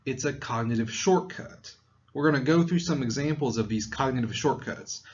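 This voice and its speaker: A man's voice: mid-range voice, normal speed, dull audio, slight background noise. A man from Tennessee with a mild Southern accent, giving a conversational psychology lecture with fillers and restarts. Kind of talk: recorded lecture.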